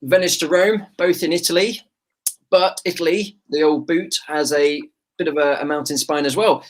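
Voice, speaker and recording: Chatty man, slightly higher voice. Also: steady tone, normal speed. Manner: chatty, joking, self-deprecating. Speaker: quiz co-host. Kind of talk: casual quiz answer chat.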